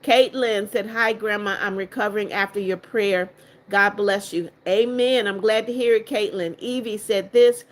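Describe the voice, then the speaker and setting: Speaking steadily in a mid-range voice at a moderate pace, an older livestream host goes through viewer comments one by one. She greets and blesses each person in a motherly way but takes a firm line with anyone rude.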